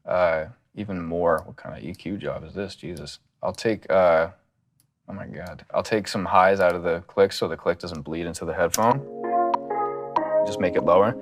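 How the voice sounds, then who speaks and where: A man in a recording studio, casually talking through song ideas and humming melody lines in falsetto as he goes. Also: moderate pace, soft background music. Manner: loose, thinking aloud, hums melody ideas in falsetto. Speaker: songwriting teacher and producer. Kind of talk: casual studio songwriting session.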